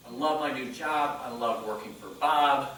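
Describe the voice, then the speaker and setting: Guy giving a talk to a room, bright voice, super echoey hall, mic kinda far off. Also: medium pitch, normal speed, a little hiss or hum. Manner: animated storyteller quoting dialogue. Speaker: motivational speaker. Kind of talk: live presentation storytelling. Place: conference room.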